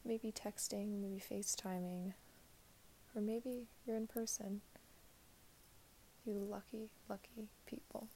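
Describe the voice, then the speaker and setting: Young woman, mellow tone, reflective monologue slipping into whispers. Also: mid-range voice, fairly even intonation, slow, pauses often, slight background noise. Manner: soft, drifting in and out of whisper.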